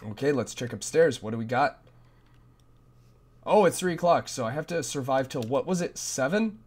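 Playing a horror game, a man with a mid-range, somewhat mellow voice commentates animatedly at normal speed. Frantic and self-deprecating, he keeps repeating himself in panic.

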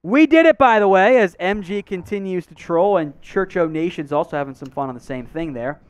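Animated, high-voiced sports talk host. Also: male voice, fairly quick, clear, resonant tone, dry recording. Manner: energetic, animated banter with viewers. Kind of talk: live-stream sports talk.

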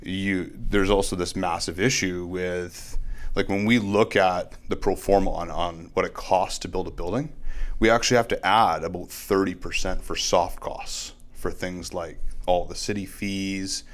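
A man's voice: low voice, fairly even intonation, unhurried. A man who is a realtor and company CEO, guesting on a podcast and talking casually, leaning on "like" and "right?" as he explains. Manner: conversational, fills with "like" and "right?". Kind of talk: casual interview talk.

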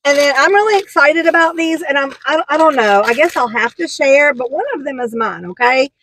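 A woman's voice: sits high, brisk, fairly bright tone, slight background noise, rough recording. A woman chatting through a shopping haul, gushing and rambling with lots of fillers. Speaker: haul vlogger. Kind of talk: casual product haul chat.

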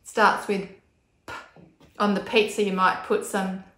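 Recorded in an echoey space with a little hiss or hum, this woman speaks at normal speed in a medium-pitched, flat, slightly bright voice. She's a speech pathologist teaching techniques on video, enunciating the demonstration sounds carefully and with exaggeration.

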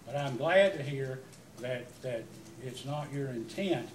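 A man's voice: medium pitch, measured pace, a little hiss or hum. A man, questioning a witness at a public hearing, emphatic and rambling with many restarts. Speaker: utility commissioner at a public hearing. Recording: echoey hearing room, mic at a distance.

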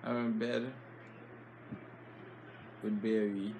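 A man's voice: lowish voice, little pitch movement, very slow, vocal fry, a little mellow. A man hosting a casual home vlog from bed, speaking to viewers as "people" and joking dryly with his partner. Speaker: vlog host. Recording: noisy home recording.

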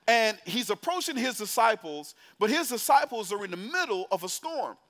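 A high, slightly bright, sing-song male voice at a moderate pace carries this storytelling sermon for young adults in a church sanctuary. The preacher keeps it playful and conversational while asking the congregation questions directly.

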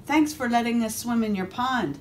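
A tiny, polite chick from a picture book, chirpy and eager to please, as a woman puts her on. The voice sits high and sweet, with careful manners. A faint hiss lies behind it. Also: moderate pace, darkish tone, close to an everyday voice.

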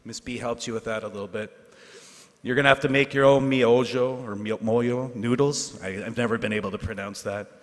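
Man, teacher at a graduation, earnest with wry asides, mid pitch, reverberant ceremony hall. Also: steady tone. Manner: earnest, self-deprecating, with asides and pauses for effect. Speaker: teacher giving a graduation speech. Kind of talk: ceremonial speech.

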